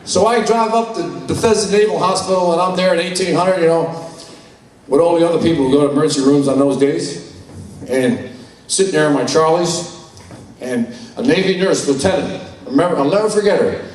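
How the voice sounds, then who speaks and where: Older man, from New York, candid blunt storyteller, slightly high voice, booming hall echo, mic set far off. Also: a little fast, a little mellow. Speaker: conference speaker. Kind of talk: personal testimony talk. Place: large conference hall.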